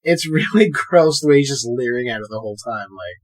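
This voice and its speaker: A man co-hosting a podcast in a casual chat, recapping a film in an animated way, acting out the characters' lines and swearing freely. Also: mid-range voice, a little fast, husky. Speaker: podcast co-host.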